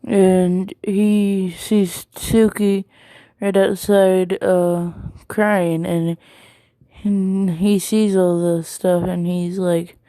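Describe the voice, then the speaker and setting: A woman's voice: on the low side, level tone, extremely slow, warm tone, no echo. A woman casually retelling a fan story, rambling with many ums and likes.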